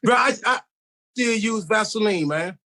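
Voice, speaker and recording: A man's voice: sits high, a little slow, sharp tone, poor audio. A man guest on a casual podcast chat, talking in a rambling, slangy, mock-philosophical way.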